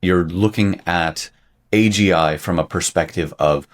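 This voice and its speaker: A man's voice: low voice, a little slow. A man co-hosting a podcast in a casual discussion, wry and argumentative, teasing his partner. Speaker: podcast co-host.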